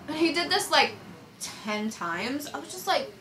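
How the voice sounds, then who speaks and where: A young woman with a slight Spanish accent, telling a personal story in a casual, animated vlog chat. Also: sits high, moderate pace, slight background noise, low-quality recording. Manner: chatty, animated, quoting others in raised voice. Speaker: vlogger.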